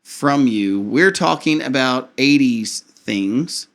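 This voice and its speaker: A man's voice: medium pitch, expressive, slow pace, a bit bright. A man, a pastor co-hosting a casual podcast and teasing his wife. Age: 30s. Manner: laid-back, self-deprecating, teasing. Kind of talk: casual chat.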